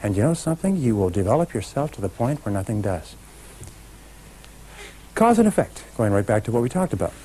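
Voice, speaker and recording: A man's voice: mid-range voice, very animated, a little fast, long pauses, warm tone, slight background noise, poor audio. A middle-aged man giving a motivational seminar talk, speaking emphatically and directly to a live audience. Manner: emphatic, talks straight to a live audience, leads call-and-response chants.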